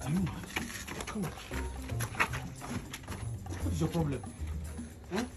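A man with a Nigerian accent playing a predatory boyfriend of a girl's mother in a web skit, speaking with low, coaxing menace that turns to impatient scolding. Music plays underneath. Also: lively intonation, slow pace. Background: background music.

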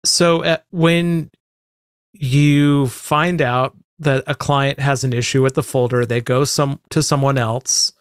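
A man's voice: medium pitch, fairly even intonation, takes it slowly, smooth, no room sound, clean studio sound. Brief: male podcast co-host, mid-range voice, reads comments, asks follow-ups. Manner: reads listener comments aloud, asks probing questions. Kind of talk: casual podcast chat.

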